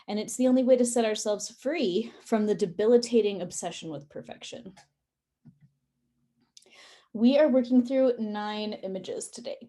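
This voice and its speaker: A woman leading a guided session for releasing perfectionism, speaking in a calm and instructive way, with tapping and breathing directions. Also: medium pitch, moderate pace. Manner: calm, instructive, with some fillers.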